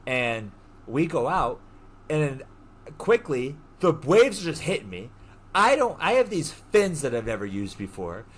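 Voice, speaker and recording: A young man co-hosting a podcast, telling a story in an animated way, laughing and swearing as he goes. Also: medium pitch, measured pace, husky. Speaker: podcast co-host. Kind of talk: casual storytelling chat.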